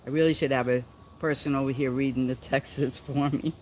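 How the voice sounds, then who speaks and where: A man from the United States hosting a casual livestream chat, reading viewer comments slowly and halting often, with a playful, theatrical, diva-like manner. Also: medium pitch, fairly even intonation, slight background noise. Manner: slow and halting when reading comments, many ums. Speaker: livestream host.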